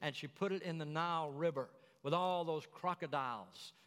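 A man's voice: on the high side, normal speed, fairly bright tone, clear, resonant tone, long reverb tail. A man preaching a sermon, telling the story in a folksy way with chatty asides.

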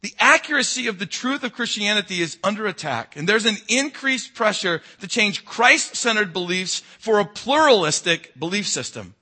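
Guy pastor preaching, kinda high voice, super bright and a little husky, gets loud then goes quiet. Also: lively intonation, normal speed, few pauses. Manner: swings from loud emphatic preaching to low quiet intensity. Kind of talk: sermon.

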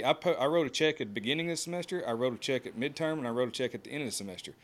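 This podcast guest, a horseshoer from the United States, tells folksy, casual stories at a rapid-fire clip. His mid-range voice is expressive, and he acts out what others said.

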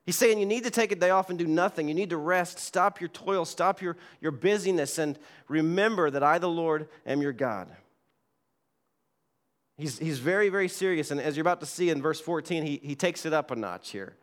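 A man's voice: fairly high pitch, normal speed. A man preaches a sermon from the front of a church with a slightly raised voice. His delivery is earnest, and he repeats key words for emphasis as he reads scripture aloud. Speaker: pastor. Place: church sanctuary.

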